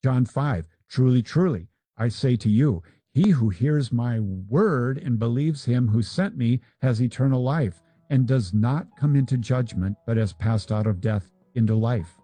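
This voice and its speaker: A man's voice: mid-range voice, measured pace, hardly any pauses, mellow, no echo, soft background music. A man teaching about scripture in a conversational, explanatory way with asides and examples.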